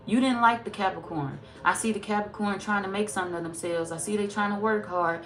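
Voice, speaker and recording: A woman's voice: medium pitch, a little fast, hardly any pauses, a bit bright. Woman tarot reader, blunt and profane, sassy, emphatic casual talk. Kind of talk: casual tarot reading monologue.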